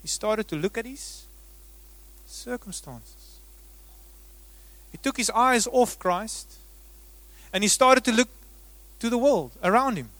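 A man with a high voice preaches a sermon, rising to loud emphasis and then dropping to a near hush. His sound is dry and close, with no room around it. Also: animated, takes it slowly, pauses often, dry recording. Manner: dramatic swings between loud emphasis and hushed delivery. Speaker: pastor.

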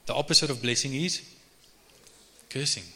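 A man's voice: mid-range voice, sharp tone. Man preaching in an echoing hall. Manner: conversational preaching with frequent restarts and fillers; slow measured reading of scripture. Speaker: pastor. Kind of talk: sermon. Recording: reverberant hall.

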